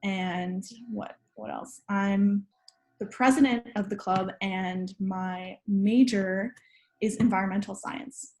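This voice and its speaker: Woman, 20s, student club president; friendly, rambling host with steady mid pitch. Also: slow pace. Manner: friendly, filler-heavy with frequent ums. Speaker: club president hosting an info session. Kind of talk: casual online info session.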